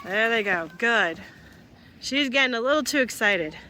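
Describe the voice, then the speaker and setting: A woman's voice: a little high, animated, normal speed, pushed and bright, slight background noise. A young woman vlogging on her farm, chatting casually as she works outdoors in a pasture and calling her cattle in a sing-song voice. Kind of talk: casual chat while doing farm chores.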